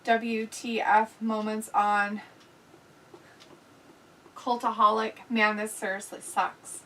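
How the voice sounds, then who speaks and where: A woman's voice: on the high side, little pitch movement, slow pace, pushed and bright, far from the mic, slight background noise, poor audio. A woman hosting a casual live stream, reading viewer comments aloud and reacting with blunt, crude jokes and frequent laughter. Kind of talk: casual, profane watch-along chat.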